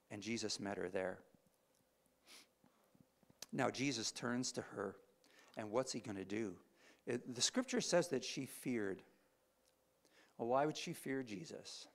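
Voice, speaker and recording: A man preaching a sermon, retelling a scripture story with animated, swelling emphasis. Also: medium pitch, vocal fry.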